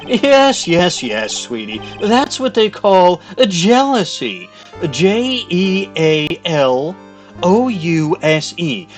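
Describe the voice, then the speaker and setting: A man's voice: high-pitched, sing-song, faint music behind, voice pushed up, heavily acted. A man voicing a flamboyant young male showman who gushes and drags out his words theatrically. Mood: flustered showy. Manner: gushing, theatrical, drawn-out words.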